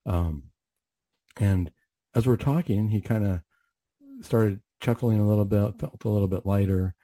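Hosting his talk radio show, a middle-aged clinician earnestly recounts a tense moment with a patient, with frequent restarts. His voice is dark in tone, on the low side, and unhurried, with no room sound.

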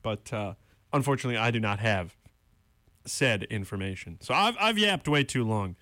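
A man's voice: on the low side, sing-song, normal speed, pushed and bright, no room sound. A young man working as a college radio DJ, ranting on air in a casual, exasperated way and then introducing songs and announcements from a studio microphone. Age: young adult.

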